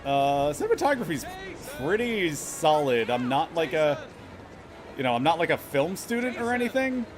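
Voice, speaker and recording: A man streaming a game and giving sarcastic, critical commentary, laughing and cursing as he goes. His voice is fairly high and swings widely in pitch. Game music plays behind him. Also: big pitch swings, normal speed. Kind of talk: critical live gameplay commentary.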